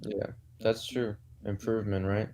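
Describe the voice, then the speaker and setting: A man's voice: on the low side, little pitch movement, measured pace, background noise. A man chatting casually with a stranger on a video call, hesitant and agreeable. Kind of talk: casual conversation.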